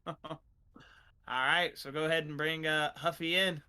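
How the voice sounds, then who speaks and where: A young man hosting sim racing commentary, energetic and rambling with fillers as he runs down the finishing order. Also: on the high side, unhurried, clear, resonant tone. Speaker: broadcast booth host.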